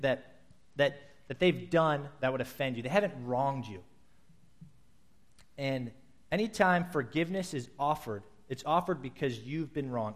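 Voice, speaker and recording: A male pastor delivers a sermon in a relaxed, conversational way. His voice sits a little on the high side, and he slips into quick acted-out lines when he quotes others.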